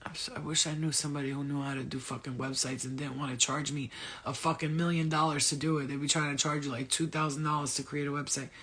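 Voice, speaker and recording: Husky, high-pitched man in a blunt, profane rant. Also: flat delivery, fast, sharp tone. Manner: blunt, profane, rambling, talks straight to the viewer. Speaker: spiritual vlogger. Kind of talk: casual motivational rant.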